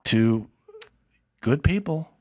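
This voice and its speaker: A man in his sixties, a comedian guest on a podcast, speaking haltingly and then turning lively in his anecdotes. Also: mid-range voice, no echo, clean studio sound. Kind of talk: casual chat.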